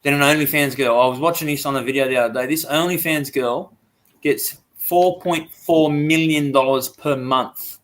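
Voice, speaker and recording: A man's voice: on the high side, normal speed. A man in his forties with an Australian accent, telling stories bluntly and with lots of swearing in casual podcast chat. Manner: blunt, swearing, animated storytelling. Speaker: podcast co-host.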